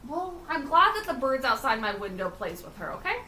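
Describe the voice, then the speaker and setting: A woman's voice: sits high, big pitch swings, brisk, pushed and bright, recorded from a distance. A woman co-hosting a podcast, chatting casually and animatedly, who swears freely and acts out quotes. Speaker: podcast co-host. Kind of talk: casual chat. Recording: roomy, from off-mic, faint room noise.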